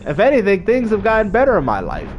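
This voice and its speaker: A high-pitched man with a very lively, swooping delivery tells a story casually to his stream, full of slang. He acts out the other people's lines with big leaps in his voice. Faint noise hums behind him. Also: fast talker, lo-fi sound. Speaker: gaming streamer.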